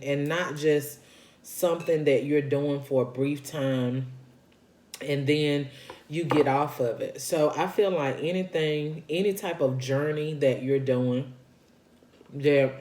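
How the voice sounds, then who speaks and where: A woman's voice: sits low, warm tone. A woman vlogger chatting casually while eating on camera, folksy and talkative, circling back to repeat her points between bites. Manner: talks between bites of food. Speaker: vlogger sharing her weight-loss journey. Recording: echoey room.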